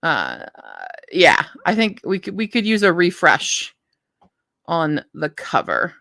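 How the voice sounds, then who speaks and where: Her voice sits on the low side, with wildly swooping pitch, a slow pace, vocal fry and a sharp edge, recorded studio-clean with no room sound. She's a woman hosting a live book stream, casually thinking aloud over blurbs and often restarting her sentences.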